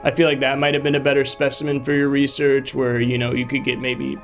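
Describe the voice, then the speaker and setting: A man performing improv comedy, teasing his scene partner with dry, deadpan questions. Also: mid-range voice, fast, soft background music.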